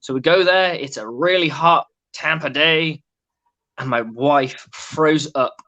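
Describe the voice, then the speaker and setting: A man's voice: a little high, takes it slowly, sharp tone, highs cut off. An English man telling stories as a guest in a casual sports chat, swearing and mimicking others. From England.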